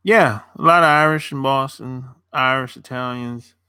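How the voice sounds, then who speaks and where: A man's voice: medium pitch, normal speed, pushed and bright, clear, resonant tone, dry recording, studio quality. A young man chatting loosely on a live stream, answering viewers as a dating coach, rambling and repeating himself with casual swearing.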